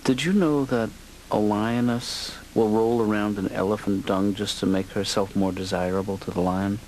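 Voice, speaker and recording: An actor voicing a mild, hesitant male therapist who speaks softly and trails off mid-sentence. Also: lowish voice, fairly even intonation, normal speed, a little hiss or hum, lightly acted, rough recording. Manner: mild, hesitant, soft-spoken. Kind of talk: cartoon dialogue.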